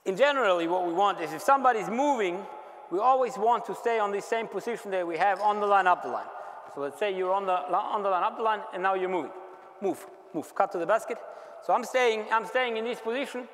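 A man with a German accent coaching basketball players through defensive drills, explaining calmly and calling out short repeated commands. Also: high voice. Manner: instructive, shouts quick repeated commands during drills. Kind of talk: on-court coaching clinic. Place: large indoor basketball gym. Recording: long reverb of a large gym. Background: basketballs bouncing.

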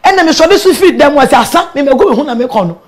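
A woman with a Ghanaian accent, a guest telling her own story in an interview, animated and quick to laugh, mixing local words into her English. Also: sits high. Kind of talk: candid personal storytelling in an interview.

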